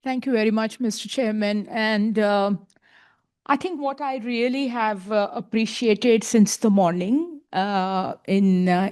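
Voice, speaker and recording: A woman's voice: mid-range voice, a little mellow. A woman speaking as a conference panelist, emphatic and repeating her points, often adding a questioning tag.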